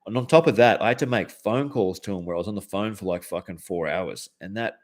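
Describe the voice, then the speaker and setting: A man's voice: fairly low pitch, a little fast. An Australian man hosting a show, telling a heated story in a casual, profane way, with lots of fillers and restarts. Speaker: host.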